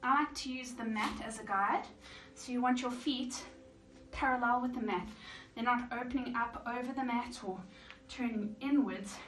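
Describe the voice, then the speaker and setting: This yoga instructor speaks at an ordinary pace in a voice that's a little high, doing the squats herself as she calmly counts the breathing cues aloud. Her breath is slightly short. An echoey room, distant mic, and faint hiss mark the recording.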